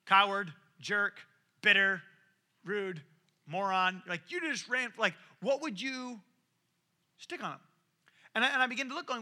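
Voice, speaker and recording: Animated, bright-voiced male preacher. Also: high-pitched. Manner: animated, acts out quoted voices, varies loudness widely. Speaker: pastor. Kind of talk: sermon.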